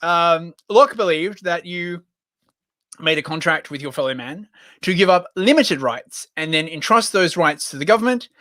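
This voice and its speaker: A man's voice: fairly high pitch, lively intonation, normal speed, pushed and bright, no room sound. A man co-hosting a casual podcast, rambling and jokey, slipping into silly voices. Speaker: podcast co-host.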